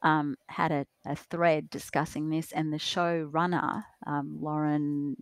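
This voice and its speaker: A woman's voice: low voice, level tone, a little slow, no room sound. A woman guest on a podcast, speaking casually and hesitantly, with many fillers and restarts. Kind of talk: casual discussion.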